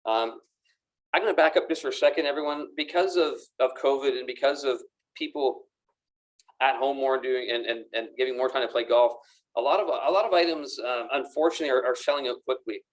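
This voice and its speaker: On camera in a golf pro shop, a man with a medium-pitched voice shows off golf apparel at a brisk pace. It's a casual product demo, and he's enthusiastic and chatty, often repeating his words. The camera mic picks him up as he moves around the room.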